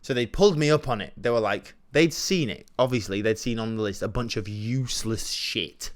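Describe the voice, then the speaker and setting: A young man tells a casual, rambling anecdote on his solo show. His voice sits fairly low. He jokes and swings between loud bursts and near-mumbles. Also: normal speed. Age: 20s. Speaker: podcast host.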